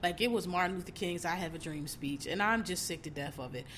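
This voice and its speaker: A woman's voice: on the low side, a little fast, a bit bright, slight background noise. A woman hosting a casual commentary show, ranting bluntly with heavy swearing and exasperated mockery. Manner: mocks others in put-on voices.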